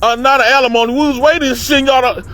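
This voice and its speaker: A man casually telling a profane, animated story and acting out the people he quotes. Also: very high-pitched, quick pace, slight background noise. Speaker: podcast host telling a story.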